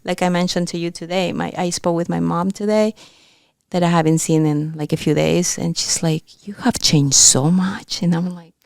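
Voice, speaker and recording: A woman co-host speaks in a reflective, encouraging way during a relaxed interview. Her voice is smooth and slightly low. The sound is close and dry. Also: normal speed, dry recording. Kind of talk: casual interview chat.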